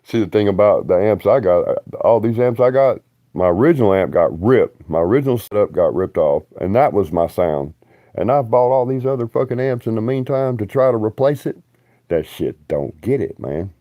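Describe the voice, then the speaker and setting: A man's voice: on the low side, expressive, normal speed, no room sound, dull audio. A man, rambling bluntly and profanely on a livestream.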